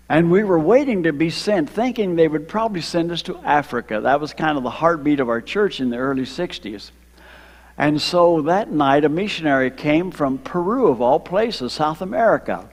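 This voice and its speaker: An older man from Ohio, a retired missionary, telling his story to a church congregation, slowing down for emphasis and drawing in the children. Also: a little high. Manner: storytelling, slows for emphasis, engages kids. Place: church sanctuary. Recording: long hall reverb.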